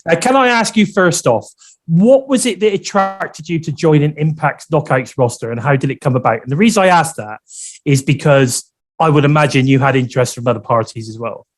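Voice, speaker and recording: A man with an English accent hosting a casual interview podcast, chatty and filling pauses with um and uh. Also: fairly high pitch. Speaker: podcast host.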